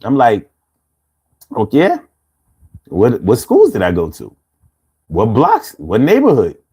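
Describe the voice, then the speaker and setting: Streetwise Philly-accented man in his fifties hosting a live stream, lively swings in pitch, laid-back and quick to laugh. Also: slightly rough. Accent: Philadelphia. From Philadelphia, USA. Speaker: livestream host. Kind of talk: casual live chat reading comments.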